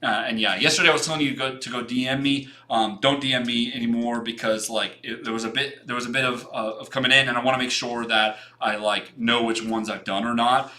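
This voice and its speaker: Young man, livestream host, bright tense voice, casual rambling chat, blunt and swears a bit. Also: mid-range voice, fairly even intonation, fairly quick, hardly any pauses. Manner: rambling and frank, with many restarts and casual swearing. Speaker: design livestream host reviewing portfolios.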